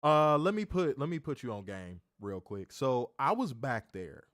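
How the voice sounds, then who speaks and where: A man's voice: mid-range voice, big pitch swings, moderate pace, fairly bright tone, no room sound, studio quality. A man hosting a wrestling show, telling a story in a casual, rambling way. He repeats himself, corrects himself and swears.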